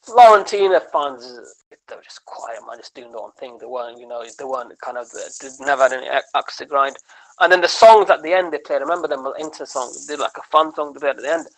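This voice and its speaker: A man, a comedian guesting on a podcast, telling animated, rambling stories in casual chat and tagging his lines with "man" and "right?". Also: medium pitch, fast, low-quality recording. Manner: animated storytelling, rambling with many restarts.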